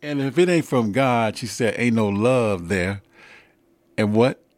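A man hosting a gospel music radio show, talking in a slow, emphatic, preacherly way with sudden high rises. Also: no echo, studio quality. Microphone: studio microphone.

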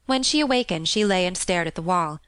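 A woman reading a classic children's novel aloud in a calm, steady and expressive narration. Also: fairly low pitch, brisk, clean tone, no echo. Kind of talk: scripted storybook narration.

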